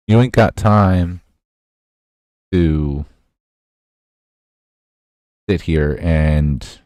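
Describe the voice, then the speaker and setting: A man hosting a livestream, casually reacting to clips with a slow, lecturing manner. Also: rumbling low, darkish tone, dry recording. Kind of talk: casual reaction stream chat.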